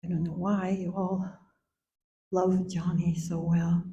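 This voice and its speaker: An older woman speaks at a memorial in a slow, tender, mellow voice. Her voice rings with echo off the hall, and the recording sounds a little dull. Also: lowish voice, little pitch movement. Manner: slow, gentle and tender, sometimes singing softly. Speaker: mother giving a eulogy. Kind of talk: memorial speech.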